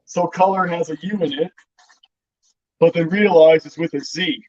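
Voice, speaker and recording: A man's voice: on the high side, fairly even intonation, normal speed, crowd noise. A man from the Boston area in casual chat, blunt and profane, often restarting his sentences. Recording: dull lo-fi sound.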